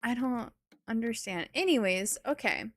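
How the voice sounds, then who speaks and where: A woman's voice: on the high side, animated, normal speed, fairly bright tone. Giggly woman streamer chatting. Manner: giggly, playful, self-mocking. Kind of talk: casual live-stream chat.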